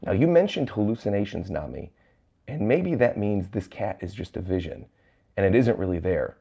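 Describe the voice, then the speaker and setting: A man's voice: on the low side, lively intonation, moderate pace, vocal fry, mellow, slightly rough, heavily acted. A man reading the lines of a nervous, boastful young male sharpshooter from a manga in his own plain voice.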